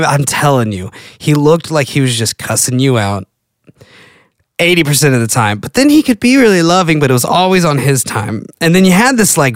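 Male solo host, loose rambling storyteller, medium pitch, dry close recording. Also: no echo. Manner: rambling, self-interrupting storyteller. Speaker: podcast host. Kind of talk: casual solo chat.

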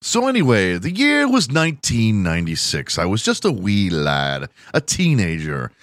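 A man's voice: lowish voice, huge pitch swings, normal speed, a bit bright, no room sound, studio quality. A man in his forties from Houston, Texas, hosting a podcast and retelling news stories with profane, mocking comedy. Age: 40s. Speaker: podcast host. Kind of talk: comedic storytelling.

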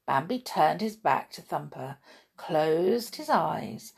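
A woman reading a children's story aloud in a gentle, chatty way, asking the listener questions. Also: deep voice, lively intonation, slow pace, gravelly, slightly rough.

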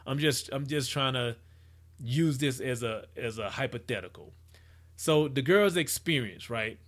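A man's voice: medium pitch, unhurried, fairly bright tone. A man giving rambling, casual commentary as he reacts to a photo project, with many restarts and hypotheticals. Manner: acts out quoted people in his voice.

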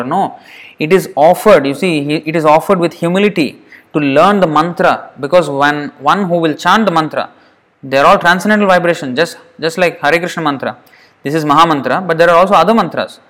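A man's voice: a little high, a little fast, fairly bright tone. A man teaching a devotional scripture class in a slightly raised voice. He speaks earnestly and often says a word twice to drive the point home. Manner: earnest, repeats words for emphasis. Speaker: lecturer.

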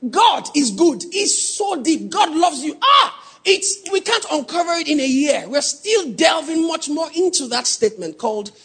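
A man preaching a sermon, teasing the congregation and building to shouted emphasis. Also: very high-pitched, animated, normal speed. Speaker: pastor.

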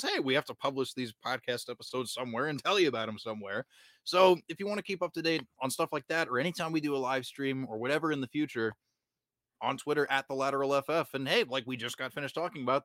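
A man's voice: medium pitch, a bit bright, no echo. A man co-hosting a podcast in casual chat, rambling with lots of "you know" fillers. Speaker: podcast co-host.

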